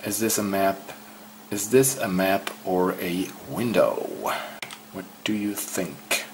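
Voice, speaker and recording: Slow, low-voiced man. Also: noisy background. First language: Swedish. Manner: hesitant, repeats words aloud slowly. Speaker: language learner. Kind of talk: casual self-study walkthrough.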